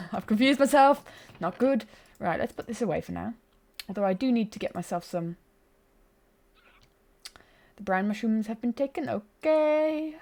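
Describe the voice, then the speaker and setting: A woman's voice: medium pitch, expressive, normal speed, vocal fry, pauses often, a little mellow. A woman streaming a game, chatting casually, giggling and poking fun at herself, speaking close to a desk mic. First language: bilingual. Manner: chatty, giggly, self-mocking. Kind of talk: casual live-stream chat.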